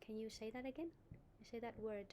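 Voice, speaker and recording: A woman's voice: fairly high pitch, steady tone, fast talker, dark tone, a little hiss or hum. A woman with a Vietnamese accent teaching an online English speaking lesson, giving feedback and modelling pronunciation.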